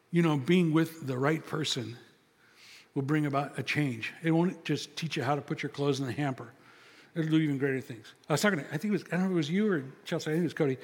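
A man's voice: a little high, slightly rough. An older man preaching a sermon as pastor, talking conversationally and acting out little scenes of dialogue. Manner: conversational, storytelling, acts out dialogue. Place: church sanctuary. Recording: long reverb of a large hall.

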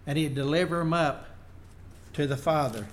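A man's voice: a little high, normal speed, a little hiss or hum. A man preaching a sermon, reading Bible verses aloud and then explaining them in plain words. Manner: unpolished, working slides as he goes.

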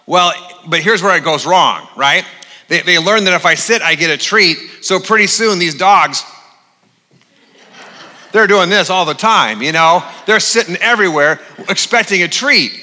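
A male pastor delivers a sermon with a bright, forceful voice and a somewhat high pitch. He talks in a loose, joking, conversational way, full of "uh"s, and a long reverb from the large church auditorium hangs on his words. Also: moderate pace. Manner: conversational, humorous, with frequent fillers.

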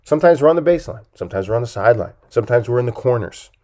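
Emphatic man coaching on a podcast. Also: rapid-fire. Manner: emphatic, keeps checking in with "okay?"; lively swings in pitch and loudness for emphasis. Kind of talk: podcast talk.

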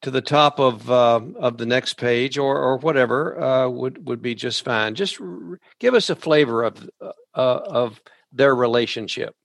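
A man hosting a podcast interview, speaking haltingly with frequent restarts. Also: medium pitch, creaky, dry recording. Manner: halting, many fillers and restarts. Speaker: podcast host.

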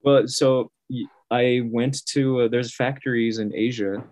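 A man chatting casually as a guest, animated and laughing often, acting out other people's reactions. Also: medium pitch, measured pace. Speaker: guest artist. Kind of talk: casual storytelling.

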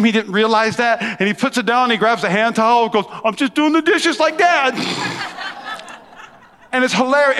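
A middle-aged male pastor preaching an animated sermon, with asides to the congregation. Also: sits high. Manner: animated preaching with church call-and-response asides. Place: large church hall. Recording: long hall reverb.

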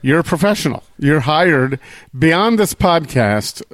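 A man's voice: fairly high pitch, expressive, measured pace, fairly bright tone, dry recording. A man hosting a food podcast, bantering playfully and teasing his co-host. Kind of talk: casual podcast chat.

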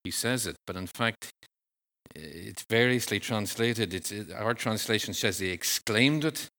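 A male preacher delivering a sermon at an unhurried, deliberate pace. His voice is bright and forward, a little low in pitch, and earnest in its measured phrasing. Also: lively intonation.

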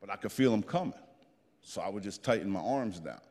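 A man in his fifties from New Jersey telling an animated, plain-spoken story as a guest speaker to a group. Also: fairly low pitch, a little fast, in a large hall. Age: 50s.

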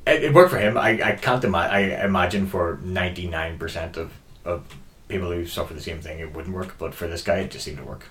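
A man on a podcast, telling an anecdote in a lively, chatty way full of fillers. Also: deep voice, brisk. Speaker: podcast co-host. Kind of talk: casual chat.

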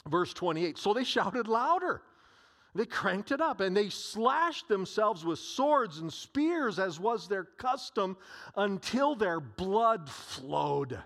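A male pastor preaching a sermon, telling a story in an animated way with frequent restarts. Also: sits high, slow pace.

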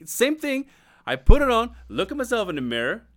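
A man on a podcast, spinning an embarrassing story in a loose, foul-mouthed way, his pitch bouncing up and down. The sound is dry and close, with no room around him. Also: fairly quick, dry recording. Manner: animated storyteller, swears a lot, laughs mid-story. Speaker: podcast co-host. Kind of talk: casual storytelling chat.

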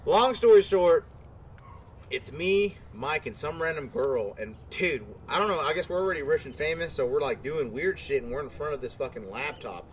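A man's voice: a little high, animated, normal speed, a little hiss or hum. Rambling, tipsy male podcast storyteller. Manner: rambling storyteller, swears freely. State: a little tipsy. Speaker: podcast host. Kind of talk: casual chat.

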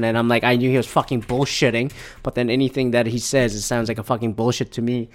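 A man's voice: mid-range voice, level tone, fast. A man hosting a casual solo podcast, rambling and swearing often, with frequent restarts, into a podcast mic. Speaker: podcast host. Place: home recording in Michigan. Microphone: podcast microphone.

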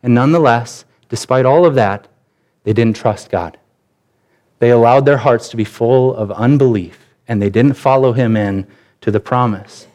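A man in his thirties preaching a sermon as pastor, candid and conversational, telling personal stories with animated shifts. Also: mid-range voice, normal speed.

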